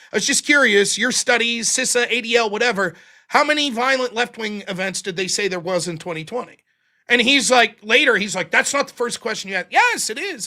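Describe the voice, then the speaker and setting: Male call-in host, lively high delivery, breaks into little voices for quotes. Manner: animated, acts out quotes in voices. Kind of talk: casual live-stream call-in talk.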